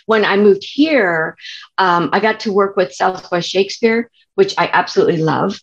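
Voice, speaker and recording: A woman's voice: medium pitch, moderate pace, dull audio. A woman from California, a theater director and actress, telling stories in a chatty way with many restarts and fillers. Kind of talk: interview storytelling.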